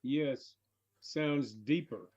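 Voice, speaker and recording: A man chatting calmly as a guest on a livestream, asking plain questions. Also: medium pitch, drawn-out words, slightly rough, muffled recording. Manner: calm, asks plain questions. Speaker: stream guest. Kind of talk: casual chat.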